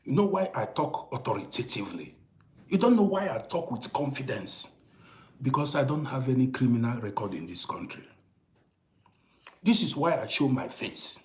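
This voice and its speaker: Man, middle-aged, storytelling monologue, lively pitch swings, hushed then emphatic. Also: normal speed. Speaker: storyteller host. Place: living abroad in Germany.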